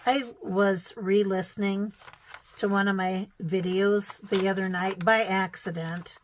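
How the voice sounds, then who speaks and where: Slow-talking Midwestern woman, chatty. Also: mid-range voice, flat delivery, a little hiss or hum, rough recording. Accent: Midwestern American. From American Midwest. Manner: chatty, exclaiming, thinking aloud with many fillers. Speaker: vlogger. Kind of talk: casual show-and-tell of quilting magazines.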